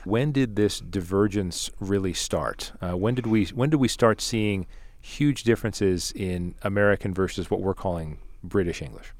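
A man's voice: low-pitched, moderate pace, hardly any pauses, darkish tone. A man interviewing a guest, asking short curious questions.

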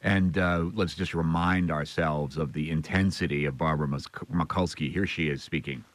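A man hosting a radio news program, asking brisk interview questions. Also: extremely low pitch, steady tone.

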